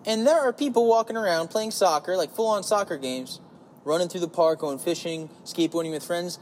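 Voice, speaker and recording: This high-pitched, brisk podcast host from New Jersey talks alone from his parked car, rambling crudely and profanely with jokes and sudden loud voices. The audio sounds like a large hall, with slight background noise.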